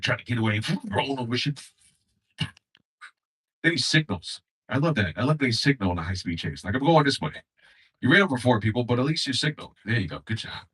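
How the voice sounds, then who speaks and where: A man's voice: lowish voice, fairly bright tone, husky, distant mic. A young man doing a loose, profane stand-up set, acting out characters in shifting voices. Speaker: stand-up comedian.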